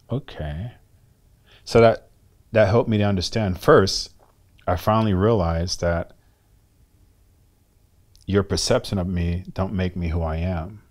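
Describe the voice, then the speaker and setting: A man's voice: low-pitched, darkish tone. A middle-aged man, a former bodybuilder, speaking as an interview guest and telling candid stories with emphatic, acted-out dialogue and blunt swearing.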